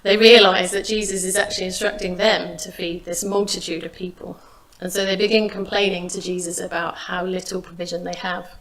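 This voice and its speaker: A woman preaching a sermon, retelling a Bible story in a measured, expressive way. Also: lowish voice. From England. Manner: measured, expressive reading of scripture.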